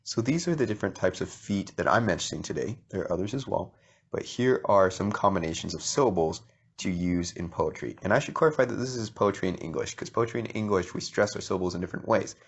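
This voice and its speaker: Deep-voiced man explaining, dull lo-fi sound. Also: expressive, quick pace, breathy edge. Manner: explains step by step, checking in with "okay?". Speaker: poetry teacher. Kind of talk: explanatory video lesson.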